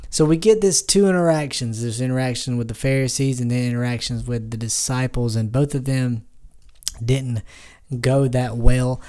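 A man with a mellow, warm tone leads a casual Bible devotional. He reads scripture aloud and then talks it through in an easygoing way, full of "um"s and restarts. His pitch sits in an ordinary middle range. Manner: relaxed with frequent fillers and restarts. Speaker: Bible teacher.

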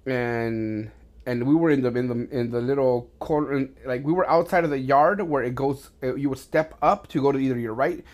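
A man in the middle range of pitch for his sex, telling stories to his son in a rambling, profane, casual way. He restarts his sentences often and grows loud and animated as the action builds. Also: normal speed. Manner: rambling, with many restarts and swearing. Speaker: podcast host talking with his son. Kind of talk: casual storytelling chat.

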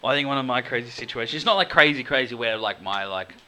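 A man's voice: medium pitch, fast, bright, forceful tone. A man co-hosting a casual podcast, teasing his friend in an offhand way. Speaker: podcast co-host. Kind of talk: casual chat.

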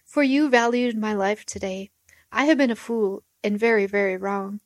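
A remorseful aging king confesses and gives his blessing, read aloud by a woman. He speaks in a mid-pitched, dry voice. The reading is plain storybook narration with light emphasis. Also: moderate pace, no room sound, lightly acted.

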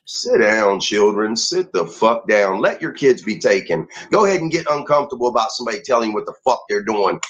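A man's voice: lowish voice, expressive, brisk, hardly any pauses, a bit bright, slightly rough, rough recording. A man ranting heatedly and profanely as a guest on a talk show.

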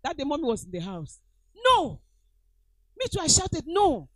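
A middle-aged Nigerian woman preaching with a high voice that leaps up and down in pitch. She presses her points by repeating them and calls out to her congregation. The sound is close and dry. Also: sing-song, fast talker, no room sound, low-quality recording. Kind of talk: sermon.

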